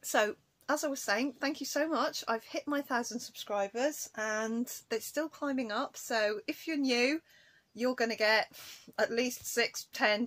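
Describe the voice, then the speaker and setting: A woman's voice: a little high, a bit bright. A woman chatting casually to camera in a cross-stitch vlog, rambling and breaking off to scold her cat.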